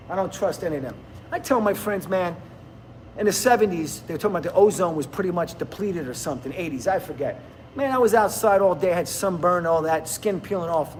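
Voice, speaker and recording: The speaker, a man in his fifties from New Jersey, rambles bluntly and laughs often while chatting casually with livestream viewers. He has a high voice with a darkish tone, and slight background noise is present.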